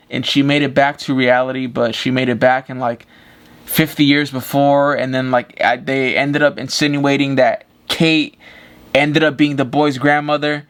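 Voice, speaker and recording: A man reviews a movie casually to camera. He rambles, circles back and repeats himself, and drops the odd curse word. His voice sits at an ordinary middle pitch for a man. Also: fairly bright tone, clear, resonant tone. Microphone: camera with ring light.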